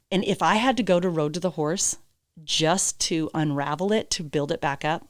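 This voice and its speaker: Blunt, emphatic woman with a low voice. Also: normal speed, no room sound, clean studio sound. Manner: emphatic and blunt, swears casually; acts out quoted dialogue. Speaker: podcast guest, horse trainer. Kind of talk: candid interview storytelling.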